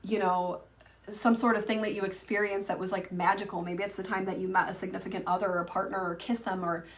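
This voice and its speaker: Quick and fairly flat in pitch, a mid-range female voice comes through a distant mic. She's an online coach in her thirties, chatting her way through a casual lesson to camera, full of fillers and restarts.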